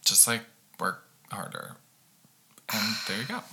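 A young woman with a strikingly low voice that still sounds bright and sharp. Her pitch moves around a lot as she tells stories in a playful, teasing way, laughing easily. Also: very animated, measured pace. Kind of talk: casual chat.

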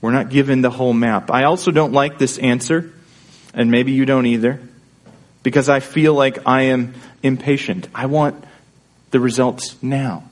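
A man's voice: mid-range voice, fairly even intonation, normal speed. Earnest man preaching a sermon. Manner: earnest, conversational preaching with rhetorical questions. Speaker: pastor.

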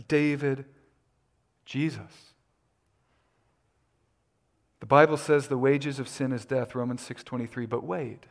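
A man preaching a sermon as pastor, deliberate and emphatic, his voice lifting when he makes a point. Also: medium pitch, vocal fry.

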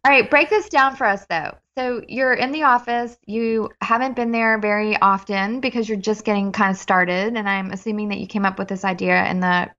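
A woman hosting a podcast interview, friendly and quick to laugh as she prompts her guest. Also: medium pitch, steady tone, bright, forceful tone, lo-fi sound. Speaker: podcast host.

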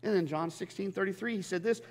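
A man preaching a sermon as a pastor, impassioned and stammering over restarts, swinging between loud and hushed. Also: high-pitched, fast. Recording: long hall reverb.

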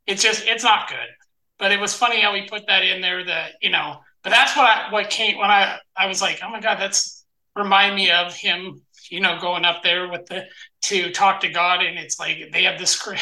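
A man's voice: sits high, pushed and bright, far from the mic. A man chatting in a casual group Bible discussion, telling stories in a rambling, restarting way. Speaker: participant in a Bible study discussion. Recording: roomy echo.

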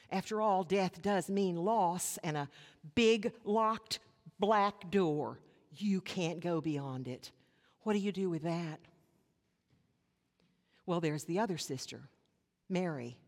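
A woman pastor delivering a sermon, earnest, with rhetorical questions and dramatic pauses. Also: lowish voice, dark tone. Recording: long hall reverb.

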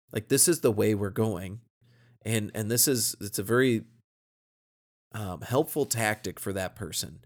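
Low-voiced man giving earnest practical advice. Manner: earnest, practical, acts out short sample dialogues. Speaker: podcast co-host advising church workers. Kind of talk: casual instructional podcast talk.

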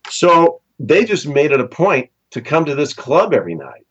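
A lively man from Southern California spins stories as an interview guest, his pitch jumping high whenever he acts out what people said. The audio is dull and lo-fi. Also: moderate pace, slightly rough. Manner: animated storyteller, acts out quoted voices with big pitch jumps. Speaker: session musician guest. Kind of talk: casual storytelling interview.

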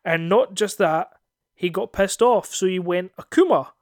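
A young Scottish man on a podcast, telling a lively, sweary story and acting out the voices in it. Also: high voice, a little slow, no echo, studio quality. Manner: animated, swearing, acts out voices in his stories. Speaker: podcast co-host. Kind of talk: casual storytelling chat.

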